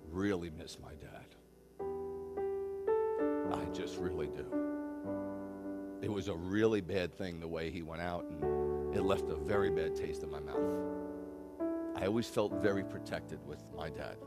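A man's voice: sits low, unhurried, pauses often, loud music behind the voice. A man in his fifties, a rabbi, preaching a conversational sermon in an earnest way, often repeating and restarting phrases. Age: 50s.

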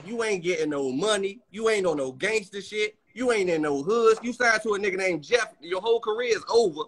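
A man trash-talking loudly on a video call, taunting and talking over the other man. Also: high voice, expressive, fairly quick, slightly rough. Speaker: rapper in a heated argument.

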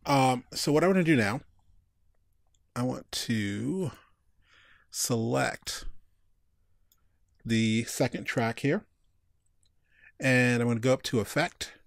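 A man hosting a casual software tutorial, talking in a relaxed, chatty way with many fillers. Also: mid-range voice, takes it slowly, gravelly, pauses often, no echo, clean studio sound. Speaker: tutorial host.

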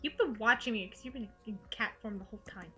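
A woman's voice: on the high side, fast talker, faint music behind. A woman playing a visual novel with her sister, reading narration and joking casually. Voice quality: animated, joking. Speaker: let's play host. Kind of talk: casual chat while narrating a game.

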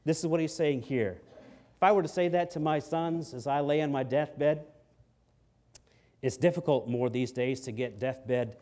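A pastor preaching an emphatic sermon, swinging between quiet and loud lines and acting out quotes from the story. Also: male voice, medium pitch, normal speed.

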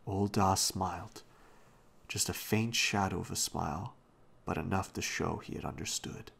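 A man slowly reading a children's novel aloud as a bedtime story at home, often hushed. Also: sits low, fairly even intonation, vocal fry, husky. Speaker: reader.

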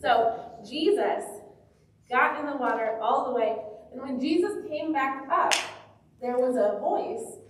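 A woman pastor leading a children's sermon in a church, gently asking the children questions. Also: sits high, animated, a little slow, background noise. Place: church sanctuary. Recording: very echoey church, mic far off.

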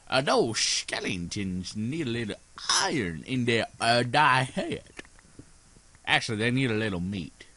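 Man, gameplay commentary, sleep-deprived, giddy, rambling, wildly swinging pitch, slow, fairly high voice. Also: sharp tone, no echo. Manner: giddy, rambling, prone to sudden screams and laughter. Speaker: gaming channel host. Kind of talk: casual let's play commentary.

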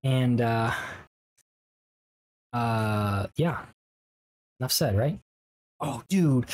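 A man's voice: medium pitch, expressive, very slow, long pauses, darkish tone, poor audio. A man hosting a Let's Play, giving casual, rambling and jokey commentary to his viewers while he plays.

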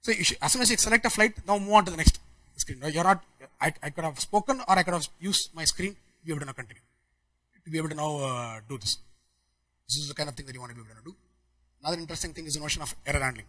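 Man, conference talk, rapid delivery, fairly high voice. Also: bright, forceful tone, rough recording. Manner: rapid, many restarts and fillers. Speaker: conference speaker.

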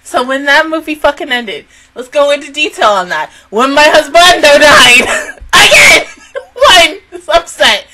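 A woman hosting a casual anime reaction review. She is excitable, swears a lot, and breaks into laughter and outbursts. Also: sits high, unhurried, a little hiss or hum, poor audio.

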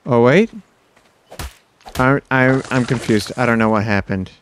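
A man casually commenting on his own video game play, excitable and self-mocking, yelping when surprised. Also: mid-range voice, unhurried, pauses often. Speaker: gaming YouTuber.

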